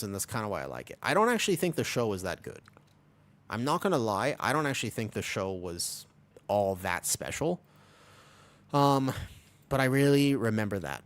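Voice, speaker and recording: A man in his twenties chatting casually on a live stream, rambling and restless, full of restarts and the odd swear word. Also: fairly low pitch. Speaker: Twitch streamer.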